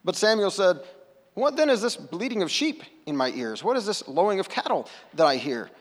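Man, pastor, conversational sermon, slightly high voice, long hall reverb. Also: sing-song, moderate pace. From United States. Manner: casual, conversational, self-deprecating asides. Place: church sanctuary.

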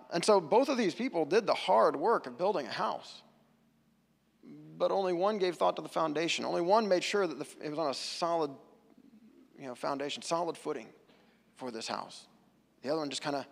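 A man's voice: a little high, expressive, moderate pace, vocal fry. A man giving a sermon as pastor, earnest and conversational, often restarting his sentences. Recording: long church hall reverb.

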